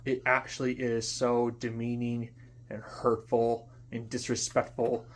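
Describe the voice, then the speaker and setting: A young man in an unscripted monologue, venting in frustration, swearing often, repeating himself and trailing off into quiet mutters. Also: medium pitch, completely flat delivery, unhurried. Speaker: vlogger.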